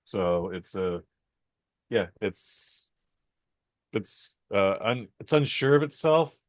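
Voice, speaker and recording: A man's voice: on the low side, expressive, slow pace, dry recording. A man hosting a podcast, rambling through a casual film review with many fillers, restarts and some swearing.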